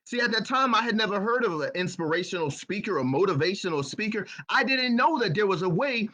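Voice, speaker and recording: A man with a high voice, telling his own story as a motivational speaker. His tone is bright and forceful. He speaks earnestly and often doubles back on his words. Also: animated, brisk. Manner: earnest, repeats words and phrases. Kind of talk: personal storytelling talk.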